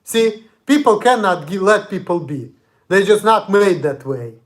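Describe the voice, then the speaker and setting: With a high voice and lively intonation, a young Russian vlogger speaks unhurriedly in a Russian accent. He rants angrily and profanely in a confrontational monologue.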